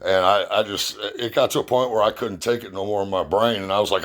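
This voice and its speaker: Blunt, profane middle-aged man, low voice. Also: a little fast, fairly bright tone. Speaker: youth baseball parent and assistant coach. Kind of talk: casual personal storytelling.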